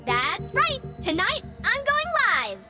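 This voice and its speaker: A woman's voice: very high-pitched, wildly swooping pitch, slow, heavily acted. A woman voicing a hyper, upbeat young VTuber streamer in a video game, with music playing behind her. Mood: hyped. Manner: peppy, exaggerated streamer hype.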